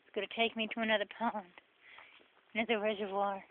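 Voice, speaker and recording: A woman's voice: medium pitch, flat delivery, fast talker. A woman with a New Jersey accent, rambling sarcastically in a casual vlog while walking a forest path. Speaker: vlogger. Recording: tinny phone-like sound with faint noise.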